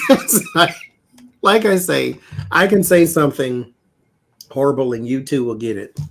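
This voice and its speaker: A man tells jokey stories with animated delivery and lots of laughter. His pitch sits in the middle for a man. A faint hiss runs under the recording. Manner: animated, joking, frequent laughter. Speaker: tarot reader, guest. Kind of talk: casual chat.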